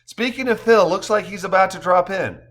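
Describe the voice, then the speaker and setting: A man's voice: high-pitched, moderate pace, fairly bright tone, voice pushed up. A man reading an audiobook, voicing a cheerful, wry young woman in a raised voice. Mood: teasing.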